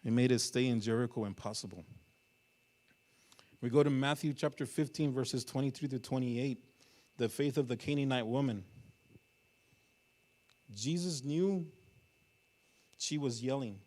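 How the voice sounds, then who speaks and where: A man preaching a sermon in a church. He tells the story with sudden swings between loud and hushed passages and puts questions to the congregation. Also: medium pitch, measured pace, long pauses. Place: church sanctuary.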